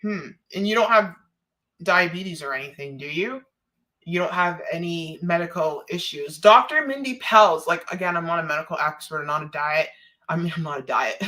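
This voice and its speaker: Woman, from Canada, tense bright voice, emotional, giggly, rambling live stream talk. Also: lowish voice. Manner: laughs often, rambling and heartfelt. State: emotional, holding back tears.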